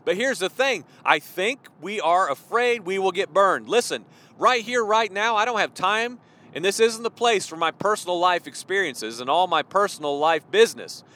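A man preaching a sermon, swinging between soft pleading and loud, impassioned declaration. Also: high-pitched, animated, normal speed.

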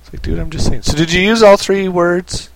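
A man's voice: high-pitched, fairly quick, creaky, no room sound, poor audio. A man co-hosting a podcast in casual, jokey banter with a friend. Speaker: podcast co-host. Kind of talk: casual chat.

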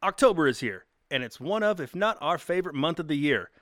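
A man's voice: on the high side, animated, a little fast, a bit bright, no room sound. Guy cohosting a chill chat podcast, jokey, laughs a lot, dry close sound. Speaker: podcast co-host. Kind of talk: casual chat.

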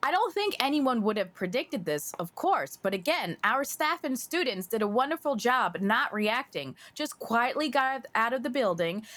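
A higher-voiced woman reads a news story aloud with a lot of rise and fall. Her voice is dry and close, with no room around it, and she drops casual asides between the sentences. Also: very animated, moderate pace, few pauses, a bit bright, no room sound. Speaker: podcast co-host reading a news article. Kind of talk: reading an article aloud, casual.

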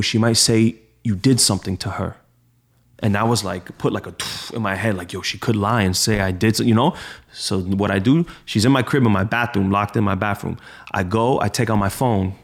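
A man, a DJ and radio host, rambling through a story in casual chat, full of slang and "bro". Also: lowish voice.

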